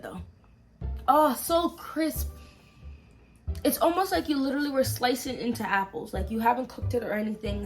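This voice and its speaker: A woman with an American accent, chatting to camera about scents she has bought and talking straight to her viewers. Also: medium pitch. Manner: chatty, animated, talks to viewers directly. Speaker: fragrance vlogger. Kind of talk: casual haul review to camera.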